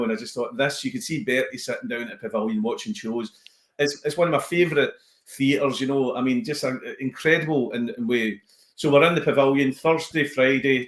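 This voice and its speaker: A Scottish man, a comedian, chatting casually on a podcast as an animated storyteller who slips into voices. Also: medium pitch, echoey room. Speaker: comedian guest.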